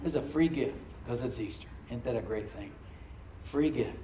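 A man's voice: mid-range voice, normal speed, distant mic, slight background noise. Preaching man with a roomy echo. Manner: preaching with sudden loud surges and soft asides; calls for responses from the congregation. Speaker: pastor. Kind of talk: sermon.

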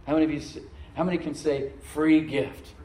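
A man preaching from the pulpit in a somewhat high voice that rises to loud, emphatic peaks and drops to quiet asides. He calls on the congregation to repeat after him. The sound carries a roomy echo. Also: steady tone, a little fast, recorded from a distance. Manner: preaching with sudden loud surges and soft asides. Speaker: pastor. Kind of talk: sermon.

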